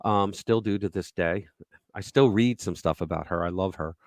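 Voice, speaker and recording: A man's voice: sits low, moderate pace, dry recording. A middle-aged man hosting a casual talk show, rambling through stories and acting out the people in them. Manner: rambling storyteller, acts out quotes. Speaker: podcast host.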